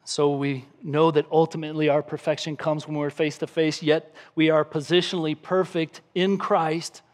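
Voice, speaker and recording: High-voiced man preaching a sermon. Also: little pitch movement, normal speed. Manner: emphatic preaching, acts out a crying baby with shouts; reads scripture aloud. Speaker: pastor.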